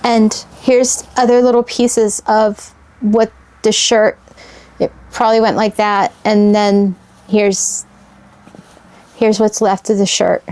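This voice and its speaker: Medium in pitch, level and a little mellow, a woman's voice narrates a casual vlog where she shows off vintage fabric scraps. Talking to viewers as she unpacks, she stays unhurried, wistful and sentimental, musing aloud.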